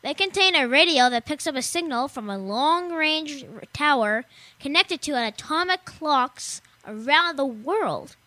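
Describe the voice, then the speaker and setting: A woman's voice: high voice, lively intonation, a little slow, sharp tone, no room sound. A young woman co-hosting a casual tech show, rambling and joking and laughing often as she reads out gadget news. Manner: giggly, rambling, jokey, reads then riffs. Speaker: show co-host.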